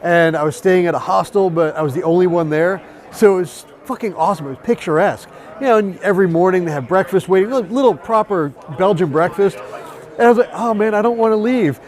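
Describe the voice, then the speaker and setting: A man, a tattoo artist, telling travel stories in casual chat, animated and profane. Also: high voice, quick pace. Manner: profane, animated storytelling with quoted voices. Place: busy tattoo convention.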